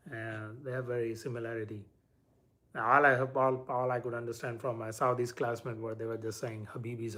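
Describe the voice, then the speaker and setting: A man's voice: mid-range voice, level tone, a little fast, bright, forceful tone. A man chatting casually and at length with viewers on a live stream from home, as a parent. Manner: rambling, chatty, talks straight to viewers.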